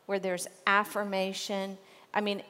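A woman's voice: medium pitch, monotone, unhurried, bright, forceful tone, in a large hall. A woman co-hosting a casual faith talk on marriage, earnest and conversational, with frequent fillers.

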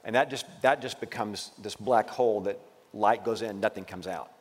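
A man's voice: on the low side, moderate pace, breathy edge, long reverb tail. A man co-hosting a faith talk on marriage as a pastor, encouraging and given to preachy asides. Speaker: pastor, co-host. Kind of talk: casual ministry talk on marriage.

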